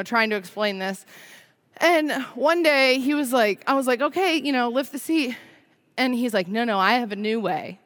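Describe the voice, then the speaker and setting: Woman preacher, high voice, casual sermon, chatty, laughs through stories. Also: fairly bright tone. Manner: chatty, frequent "right?" and "like", laughs while telling stories. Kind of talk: conversational sermon.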